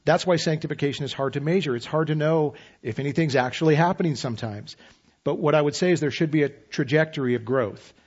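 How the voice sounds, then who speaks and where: A man in his fifties preaching a sermon as pastor, relaxed and conversational with self-deprecating humor. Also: on the high side, fast, slightly rough, highs cut off.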